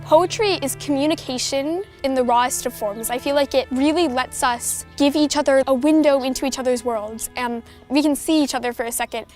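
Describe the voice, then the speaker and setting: High-voiced young woman poet over music. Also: fairly quick, few pauses, a little mellow. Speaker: youth poet laureate. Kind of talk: spoken-word poem and reflective talk. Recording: music under the voice.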